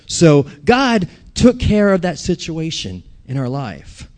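A man's voice: fairly high pitch, huge pitch swings, slow pace, a little mellow. A man preaching a sermon, telling a personal story and asking the audience questions.

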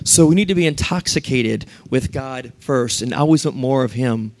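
Preacher, male, fairly high voice; animated sermon delivery with acted-out quotes. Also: brisk, few pauses. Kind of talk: sermon with scripture reading.

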